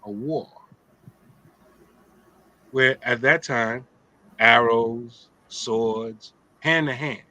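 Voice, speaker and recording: A middle-aged man leads a casual religious talk in a streetwise, joking way. His voice is bright and forceful, and he keeps checking in with his listeners by asking "right?". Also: mid-range voice, drawn-out words, pauses often, no echo, poor audio. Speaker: host of an Islamic talk show.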